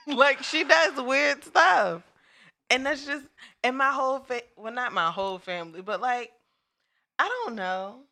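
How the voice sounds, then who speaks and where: A woman's voice: high-pitched, measured pace, sharp tone. A woman co-hosting a casual chat, talking frankly and reflectively about relationships. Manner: frank, reflective, laughs often. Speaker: podcast co-host.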